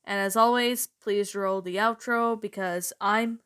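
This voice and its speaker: A woman with a bright, crisp voice talks through her opinion of a story in a casual, rambling way. She hesitates often and keeps softening her own points. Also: medium pitch, steady tone, a little slow. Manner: meandering, hesitant, self-qualifying. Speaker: channel host reviewing a story. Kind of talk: casual spoken review.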